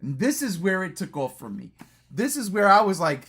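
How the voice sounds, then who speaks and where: A man's voice: sits high, sing-song, moderate pace, a bit bright, slightly rough, faint music behind. A man with a New York accent reviewing horror movies in an enthusiastic, profane casual chat. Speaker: podcast co-host.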